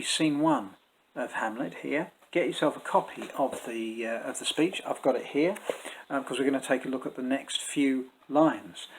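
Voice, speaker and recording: A man teaching Shakespeare's verse in a measured, explanatory way, pausing to think as he goes. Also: mid-range voice, slightly rough, rough recording. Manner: measured and explanatory, with thoughtful pauses and fillers. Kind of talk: spoken lesson to camera.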